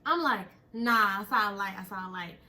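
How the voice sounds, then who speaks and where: A young woman telling a story in casual chat, animated and breaking into laughter as she retells it. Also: mid-range voice, brisk. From Texas. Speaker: storyteller host.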